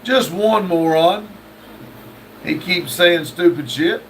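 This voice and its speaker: A man's voice: sits high, expressive, slow. A man hosting a live stream, reading viewer messages aloud and answering them with wry jokes. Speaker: livestream host. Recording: distant mic with faint background noise.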